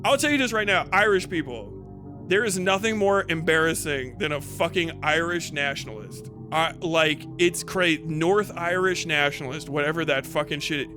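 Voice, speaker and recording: A man's voice: fairly high pitch, normal speed, over music. A man hosting a livestream, ranting casually in a profane, rambling way and laughing often. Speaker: livestream host.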